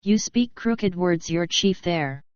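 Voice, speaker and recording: A woman's voice: lowish voice, lively intonation, slow, clear, resonant tone, no echo, muffled recording. A woman doing a blunt broken-speaking tribesman. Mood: accusing. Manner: clipped broken phrases, blunt.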